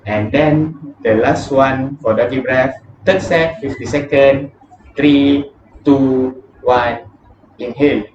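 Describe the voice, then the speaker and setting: A man talks a group through breathing exercises for a vocal warm-up, counting down each set and explaining in a relaxed way. His voice sits in a roomy space, picked up from a distance. The sound is dull, with clear noise behind it. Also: medium pitch, takes it slowly. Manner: counts down steps and explains with casual fillers. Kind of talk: guided breathing exercise lesson. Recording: echoey room, distant mic, dull and noisy.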